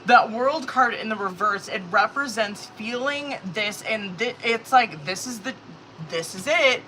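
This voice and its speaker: Woman tarot reader for a live stream, bright and brassy tone, swearing, rambling, faint room hiss behind. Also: fairly high pitch, measured pace, rough recording. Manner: casual, profane, filler-heavy, anxious reactions.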